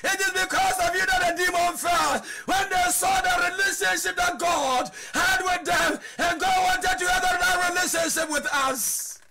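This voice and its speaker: A Ghanaian man preaching an impassioned sermon as pastor, shouting and crying out, with prayers in Twi. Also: very high-pitched, lively intonation, normal speed, gravelly, few pauses, over a noisy crowd, heavy background noise.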